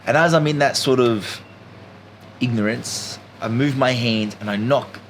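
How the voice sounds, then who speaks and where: Animated storytelling man, noisy background. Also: medium pitch, measured pace. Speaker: podcast guest. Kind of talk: casual storytelling chat.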